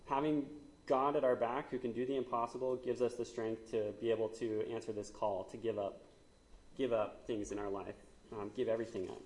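A man's voice: medium pitch, steady tone, a little fast, a little mellow, reverberant. A man, likely in his thirties, giving a conversational sermon with frequent fillers and asides, as the church's pastor.

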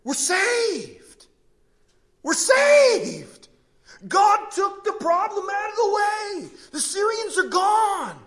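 A man preacher voicing an overjoyed rescued leper who shouts in jubilation. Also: very high voice, sing-song, very slow, pitched above the performer's own voice, heavily acted. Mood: jubilant.

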